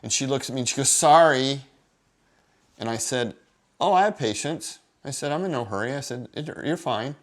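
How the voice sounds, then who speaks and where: A man's voice: mid-range voice, fast talker, few pauses, fairly bright tone. A man vlogging, telling a story in a rambling, indignant way. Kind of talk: casual vlog monologue.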